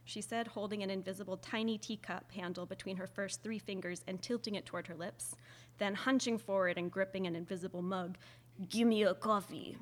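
A woman narrates a novel in the first person, at a middle pitch and an even speaking level. Her reading is measured and expressive, shaped like a polished audiobook.

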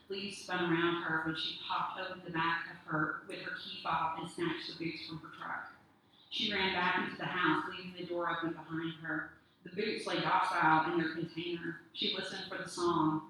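A storyteller narrating a story in a steady, measured way. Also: medium pitch. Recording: echoey room, distant mic, faint noise.

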